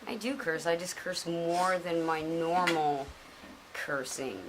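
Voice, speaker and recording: A woman's voice: fairly low pitch, slow, background noise. A middle-aged woman, guesting on a casual podcast, chatty and self-mocking, swearing now and then. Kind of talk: casual chat.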